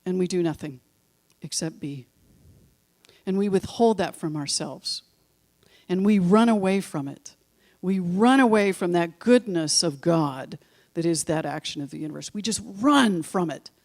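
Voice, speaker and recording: A woman's voice: fairly low pitch, measured pace, a little mellow. Woman minister, church sermon, storytelling, emphatic repetition, casual asides. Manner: conversational asides to the congregation. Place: church sanctuary.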